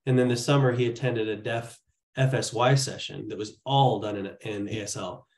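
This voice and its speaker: A man's voice: on the low side, steady tone, moderate pace, a little mellow, roomy sound. A man giving an earnest, casual training talk, telling stories with frequent restarts. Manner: earnest, storytelling, many restarts. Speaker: church training presenter.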